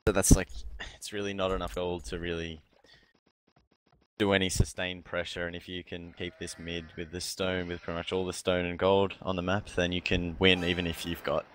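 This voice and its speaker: Man, co-caster, very deep voice, joking, upbeat game talk. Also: level tone, moderate pace, fairly bright tone. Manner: joking, enthusiastic. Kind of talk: casual live commentary.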